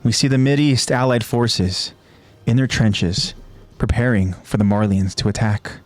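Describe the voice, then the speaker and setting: A man who hosts a podcast, retelling an anime episode scene by scene in a steady, descriptive way. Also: on the low side, a little slow. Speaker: podcast host.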